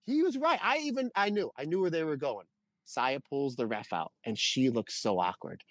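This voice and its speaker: A man co-hosting a wrestling review podcast, talking in an animated, exasperated rant. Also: mid-range voice, moderate pace, dry recording. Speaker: podcast co-host. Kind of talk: casual wrestling review chat.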